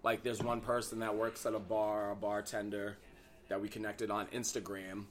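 Candid young man with a low voice. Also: level tone, normal speed. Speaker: podcast guest. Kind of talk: casual podcast chat.

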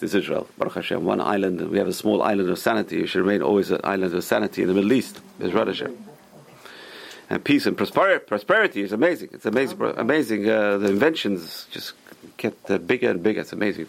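A man teaching a Torah class as a rabbi, emphatic and repeating his key words, who tells stories in an animated way. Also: mid-range voice, creaky, rough recording.

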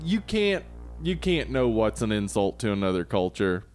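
A man's voice: fairly low pitch, very animated, normal speed, darkish tone. An American man co-hosting a podcast in casual, easygoing, joking talk. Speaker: podcast co-host. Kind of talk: casual chat.

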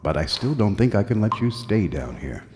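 An actor playing a blunt, wary police chief. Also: male voice, fairly low pitch, sing-song, moderate pace, long reverb tail, noisy background.

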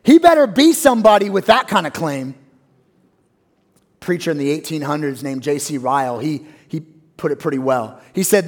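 Guy preaching an easter sermon, highish voice, gets loud then drops way down quiet. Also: animated, normal speed. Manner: dramatic swings from loud high peaks to hushed low phrases. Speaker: pastor. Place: church.

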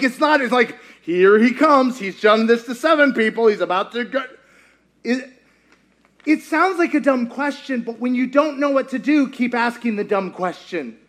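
A male pastor preaching a sermon in a lively, joking way, acting out scenes as he goes. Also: very high voice. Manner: animated, joking, acts out scenes.

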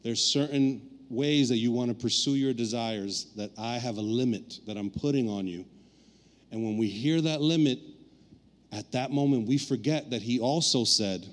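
Pastor in a reverberant hall, storytelling. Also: male voice, medium pitch, normal speed. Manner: storytelling with playful acted-out asides. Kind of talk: sermon.

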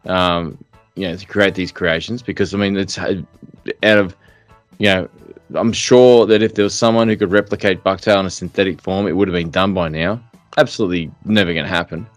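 A man's voice: sits low, fairly even intonation, brisk, dry recording, faint music behind. A middle-aged man co-hosting a podcast, talking bluntly in casual chat with lots of fillers and restarts. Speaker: podcast co-host.

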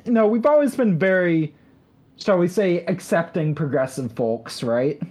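A woman's voice: lowish voice, lively intonation, unhurried, a little mellow. A woman co-hosting a podcast, telling a rambling story in casual chat, full of fillers and restarts. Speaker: podcast co-host.

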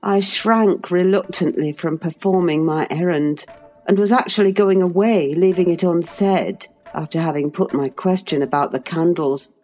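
A woman narrating a classic novel as an audiobook, measured and expressive. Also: on the low side. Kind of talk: classic novel read aloud.

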